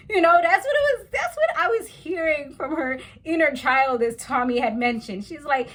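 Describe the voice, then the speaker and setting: A woman's voice: high-pitched, very animated, normal speed, few pauses, a bit bright. A woman from the West Indies giving a chatty, slangy recap of a reality TV episode, talking straight to her viewers.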